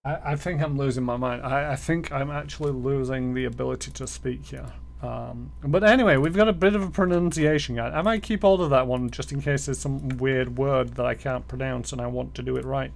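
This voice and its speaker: A man's voice: mid-range voice, a little fast, creaky. A man streaming a role-playing game, reading its text aloud, stumbling over words and mocking himself.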